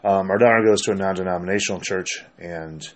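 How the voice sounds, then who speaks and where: A man's voice: sits low, fast. An older man, a pastor with grandchildren, chatting casually about prayer and telling stories, quoting scripture as he goes. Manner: relaxed, storytelling, quotes scripture. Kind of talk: casual conversation about faith.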